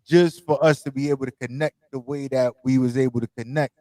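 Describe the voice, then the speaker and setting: A man's voice: medium pitch, fairly even intonation, a little fast, darkish tone, dry recording. A man from New York hosting a casual radio interview, laughing easily and repeating words as he talks. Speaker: radio show host.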